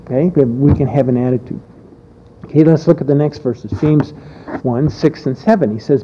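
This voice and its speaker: A man preaching a sermon in a loose, conversational manner, full of fillers and restarts. His voice sits at an ordinary middle pitch. The recording is a little dull, with a faint hiss underneath. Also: normal speed.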